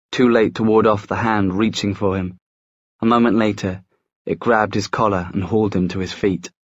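A man narrating a fantasy audiobook in a measured, even storytelling manner. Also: lowish voice, no echo. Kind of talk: scripted narration. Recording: dry, slightly dull studio sound.

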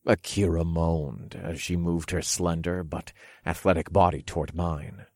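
A man narrating an erotic audiobook in the first person, calm and commanding. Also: low-pitched, a little slow, no room sound, clean studio sound.

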